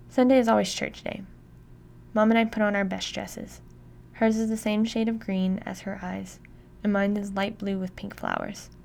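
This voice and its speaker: A woman giving steady, intimate first-person audiobook narration. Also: medium pitch, gravelly, a little hiss or hum.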